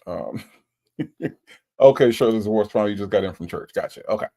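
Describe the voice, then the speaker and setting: Laid-back man with a gravelly voice. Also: lowish voice, fairly quick, warm tone. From Florida. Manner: laid-back, chatty, repeats himself, playful. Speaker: livestream host. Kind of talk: casual livestream chat reading viewer comments.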